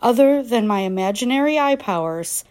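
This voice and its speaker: A woman's voice: a little high, lively intonation, normal speed, darkish tone. Give me a woman reading her own essay aloud, wry and plain. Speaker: writer reading her nonfiction.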